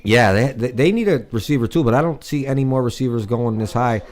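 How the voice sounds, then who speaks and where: A man's voice: mid-range voice, animated, brisk, darkish tone. A man co-hosting a casual livestream chat, laughing at his own jokes and drawing out words for effect. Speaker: livestream co-host.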